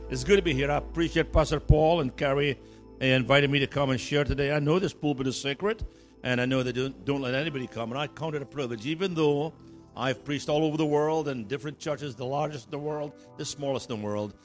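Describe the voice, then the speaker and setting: A man's voice: mid-range voice, quick pace, faint music behind. A man preaching as a guest in a church, jokey and rousing, calling for amens. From Scotland. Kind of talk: sermon.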